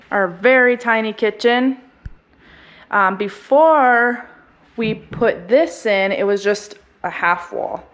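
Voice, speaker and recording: A woman family vlogger giving a chatty, casual tour of her house and explaining each room. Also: medium pitch. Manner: chatty, explaining as she walks.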